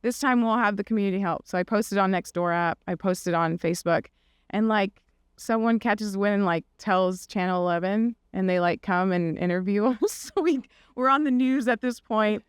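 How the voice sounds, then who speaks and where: A woman's voice: medium pitch, moderate pace, clear, resonant tone, dry recording, studio quality. A middle-aged woman, a podcast guest, telling a personal story in a casual, chatty way, full of fillers and "like"s, acting out the quoted voices.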